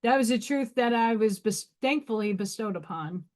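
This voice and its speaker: A woman's voice: a little high, animated, normal speed, a little mellow. A woman in her thirties hosting a casual livestream, chatting bluntly and reading rune meanings aloud. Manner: blunt, swearing, laughing asides. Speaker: livestream host.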